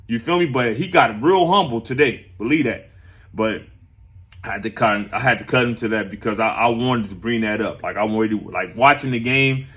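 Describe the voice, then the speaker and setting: A man's voice: mid-range voice, moderate pace, fairly bright tone. A man hosting a casual sports talk stream, chatting loosely with viewers, rambling and repeating his phrases.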